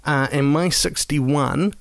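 A man's voice: a little high, slow pace, vocal fry, no echo. A man co-hosting a casual film-ranking chat, rambling and wry with self-deprecating asides. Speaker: podcast co-host.

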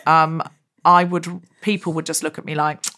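Bright, animated woman hosting a comic chat. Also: low voice, moderate pace. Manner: animated, self-mocking storyteller. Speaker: podcast host. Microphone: video call.

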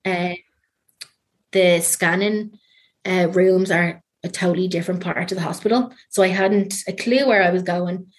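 An Irish woman speaks in a slightly low voice, guesting on an interview. She recounts a personal story in a loose, chatty way. Her talk is full of ums, likes and trailing fillers. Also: fairly even intonation, moderate pace.

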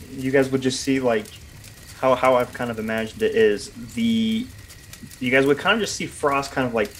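Man, tabletop player, hesitant, lots of fillers, faint noise. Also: mid-range voice. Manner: hesitant, searching for words, lots of "um" and "like". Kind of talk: tabletop game talk.

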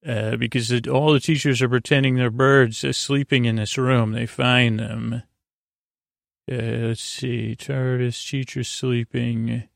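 Flat, gravelly man recapping a show. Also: no room sound, studio quality. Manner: halting, full of uhs and let's-sees; monotone, low-key delivery. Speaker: podcast host. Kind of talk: rambling bedtime episode recap.

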